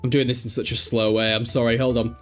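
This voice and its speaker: A young man casually commenting on a life-sim game, laughing often and yelling at the characters. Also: medium pitch, level tone, fast. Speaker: streamer. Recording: faint music behind.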